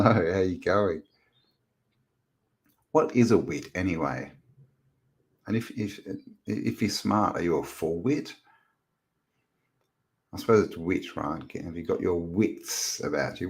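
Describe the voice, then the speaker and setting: Deep-voiced man chatting to viewers. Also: a little mellow. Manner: rambling, joking, reads viewer comments aloud. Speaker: livestream host. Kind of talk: casual live-stream chat.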